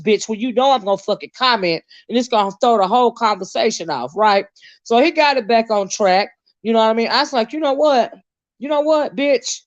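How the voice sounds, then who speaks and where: A woman host ranting on a live stream, swearing heavily and swinging between shouts and mutters. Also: no echo, lo-fi sound. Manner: profane, heated, swinging pitch. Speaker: online commentator.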